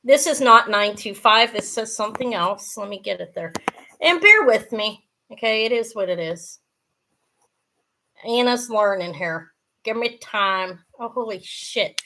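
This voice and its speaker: A middle-aged woman running a live jewelry sale with a bright, sharp, high voice. She chats loosely and mocks herself, cursing freely between descriptions of rings. Her talk keeps tipping into loud laughter. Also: lively intonation, unhurried. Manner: chatty and self-mocking, bursts into loud laughter, swears freely. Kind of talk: casual live-stream selling.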